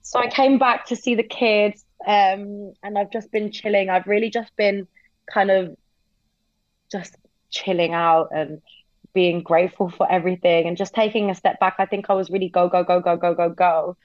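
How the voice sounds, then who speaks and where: A woman's voice: mid-range voice, steady tone, moderate pace, no room sound. Chatty English woman, dull remote line. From England. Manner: chatty, lots of "like" fillers and swearing. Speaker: podcast guest. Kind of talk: casual chat.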